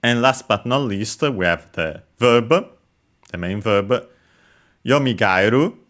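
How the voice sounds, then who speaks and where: A man's voice: fairly low pitch, slow pace, a bit bright. A man explaining Japanese vocabulary while playing a game, methodical and hesitant, with many filler sounds. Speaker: language teacher.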